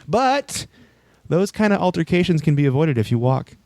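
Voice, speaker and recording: Lively storytelling man, dry close sound. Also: fairly high pitch, moderate pace, no echo. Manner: animated storyteller acting out both sides of an argument. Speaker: podcast co-host. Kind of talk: casual chat.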